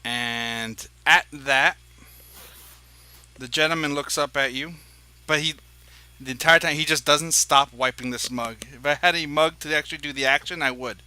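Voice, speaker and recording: A man's voice: a little high, moderate pace, sharp tone, smooth, no echo, rough recording. A man narrating as dungeon master in a tabletop game, describing scenes in a rambling, hesitant way with many fillers.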